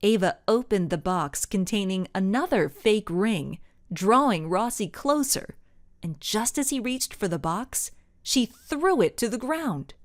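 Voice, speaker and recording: A woman reading a children's mystery audiobook aloud as narrator, with expressive storytelling. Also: mid-range voice, measured pace, dry recording, studio quality. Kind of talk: scripted narration.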